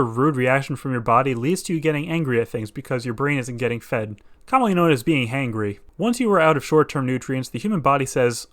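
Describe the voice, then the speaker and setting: A man's voice: mid-range voice, lively intonation, fast talker, few pauses, a bit bright. A man giving scripted comedic narration with sarcastic, crude asides.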